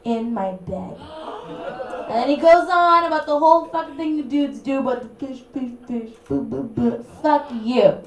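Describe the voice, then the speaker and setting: A young woman performing a stand-up comedy set in an apartment, with a brassy, punchy delivery and sudden loud bursts. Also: high-pitched, expressive, moderate pace. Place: small apartment room with a live audience. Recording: echoey room recorded from far off. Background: audience laughter.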